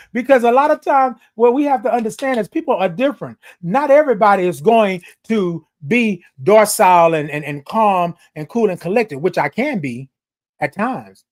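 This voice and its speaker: This is animated live-stream talk: a host speaks straight to the audience at a normal speed, with a mid-range voice and lively intonation. The tone is passionate and emphatic, the volume climbs, and lines repeat in a preachy, sermon-like way.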